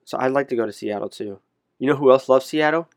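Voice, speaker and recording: A man's voice: medium pitch, fast, no echo. Casual chatty man, dry sound. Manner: chatty, rambling, self-correcting. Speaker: conversation partner. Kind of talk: casual chat.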